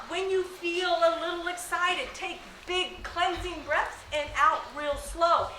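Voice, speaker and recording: A woman working as a high school athletic trainer, talking casually to students, often asking "okay?" and laughing. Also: fairly even intonation, slow, few pauses, bright, forceful tone, faint music behind. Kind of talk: classroom talk to students. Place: school room. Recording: echoey room.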